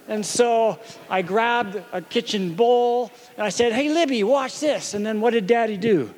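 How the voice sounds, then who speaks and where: A man in his thirties gives a sermon in a gentle storytelling way, pausing to ask his little daughter questions. His voice sits high for a man, and he keeps the tone warm and personal. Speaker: pastor.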